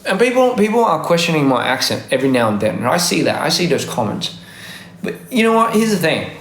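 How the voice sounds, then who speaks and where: A man's voice: a little high, sing-song, quick pace, fairly bright tone, roomy sound. A young man with a faded Australian accent, chatting casually on a livestream while reading comments and often correcting himself. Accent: Australian, worn down by years in Korea and America. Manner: rambling, self-correcting, laughs often. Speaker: livestream host. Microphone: phone livestream mic.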